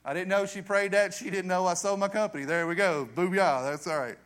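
Earnest high-voiced man preaching. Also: fairly even intonation, brisk. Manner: earnest storytelling, voice drops low and soft for emphasis. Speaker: youth pastor. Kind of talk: testimony sermon. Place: church sanctuary.

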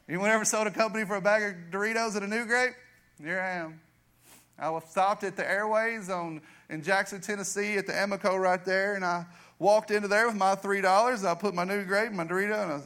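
A middle-aged man, a youth pastor giving an earnest testimony in a church. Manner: earnest storytelling, voice drops low and soft for emphasis. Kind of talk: testimony sermon. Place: church sanctuary.

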